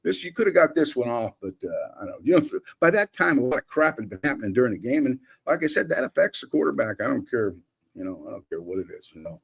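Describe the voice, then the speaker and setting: An older man, a former football coach, breaking down game film in a lively, rambling way, acting out old conversations. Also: mid-range voice, fast, creaky, husky. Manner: animated, acts out quotes, many restarts. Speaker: former offensive coordinator, analyst.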